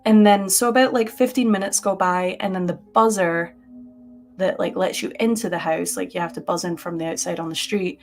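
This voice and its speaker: Animated woman telling a ghost story. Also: fairly low pitch, brisk, soft background music. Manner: animated, lots of "like" fillers. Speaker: podcast co-host. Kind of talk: casual live-stream storytelling. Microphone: webcam on a live stream.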